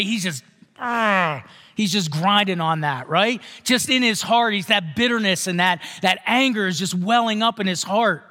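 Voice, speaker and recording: High-voiced male pastor preaching in a hall. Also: bright, forceful tone. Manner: conversational, asks the congregation questions. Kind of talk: sermon.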